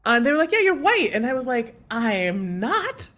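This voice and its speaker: Woman in her thirties, chatty storyteller, jumps high when quoting people, podcast conversation. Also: brisk. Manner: animated, acts out quotes with big pitch jumps. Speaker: podcast co-host.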